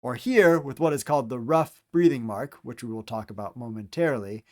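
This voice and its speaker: A man teaching Greek pronunciation, speaking deliberately and repeating each letter and example word for the listener. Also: mid-range voice. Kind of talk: slow instructional pronunciation lesson.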